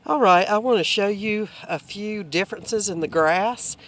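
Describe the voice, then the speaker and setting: A relaxed man walks the pasture and explains the grazing plan, his voice slightly high for a man. He speaks casually, as if filming for friends outdoors. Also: moderate pace. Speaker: homesteader filming the farm. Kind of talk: casual farm vlog narration.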